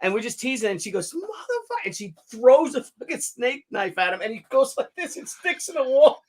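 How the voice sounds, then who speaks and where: A man's voice: very high voice, brisk. A middle-aged man in casual chat, telling family stories with lots of laughter. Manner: animated, laughing storyteller.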